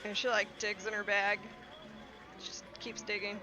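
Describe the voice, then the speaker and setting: An animated woman taking part as a player in a tabletop game, narrating her character in the third person. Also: medium pitch, normal speed, slight background noise, poor audio. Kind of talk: casual tabletop play.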